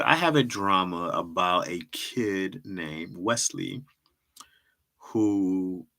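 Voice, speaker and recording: A man's voice: sits low, bright, forceful tone. A man hosting a livestream, chatting casually with viewers in a laid-back, slangy way and laughing often. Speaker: livestream host and comedy writer.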